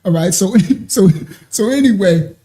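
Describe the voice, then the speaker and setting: Laughing man telling a lively story. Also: high-pitched, unhurried. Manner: animated, laughs often, acts out quoted voices. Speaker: show host telling a personal story. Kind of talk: casual storytelling.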